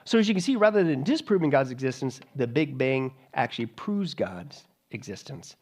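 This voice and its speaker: A man's voice: medium pitch, sing-song, moderate pace, a little mellow. Emphatic, sarcastic preaching man. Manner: emphatic, sarcastic, mocking asides. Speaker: pastor. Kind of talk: sermon.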